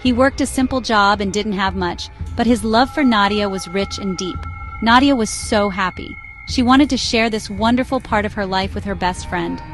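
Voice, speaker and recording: A woman's voice: medium pitch, moderate pace. A woman telling a short story in a simple, dramatic narration style. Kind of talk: scripted narration. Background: faint music.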